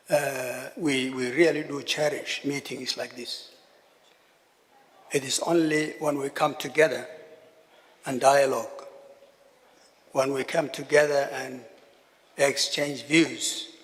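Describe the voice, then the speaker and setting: A man, a government minister, giving a formal conference speech, measured and repeating key phrases for emphasis. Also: a little high. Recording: long reverb of a large hall.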